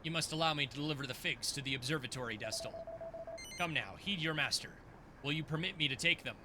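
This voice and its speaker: A man voicing a stern, solemn male angelic mentor in a video game, speaking slowly and formally. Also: a little high, noisy background, voice pushed down, lightly acted. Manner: slow, commanding, formal.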